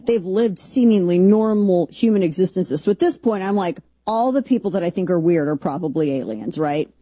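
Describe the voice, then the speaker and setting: A woman's voice: normal speed, no echo. Sarcastic lady hosting, jumps up into squeals, dry close sound. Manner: animated, mocking, jumps into high excited squeals. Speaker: host. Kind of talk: sarcastic commentary.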